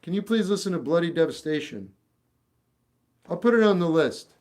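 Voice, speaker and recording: A man's voice: fairly high pitch, animated, normal speed, darkish tone. Blunt, opinionated man on a livestream. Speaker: livestream host answering chat. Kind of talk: casual livestream chat. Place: home room with a record collection.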